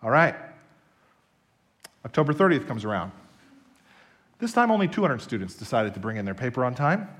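Animated preacher man with lively voice. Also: medium pitch, moderate pace, long pauses. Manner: animated, storytelling, emphatic. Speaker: pastor. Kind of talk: sermon.

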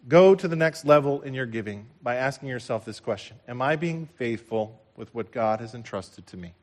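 A male pastor delivering a sermon in a slightly raised voice. He preaches with passion, rising to loud declarations and dropping to near-hushed lines. He repeats key phrases for emphasis. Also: a little high. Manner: impassioned preaching with big swings from loud to hushed.

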